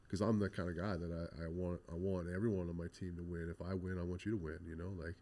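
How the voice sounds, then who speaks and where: Deep-voiced blunt man telling his story. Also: fast, few pauses. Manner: blunt, profane, animated retelling with quoted dialogue. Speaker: guest, graffiti artist. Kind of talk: candid interview storytelling.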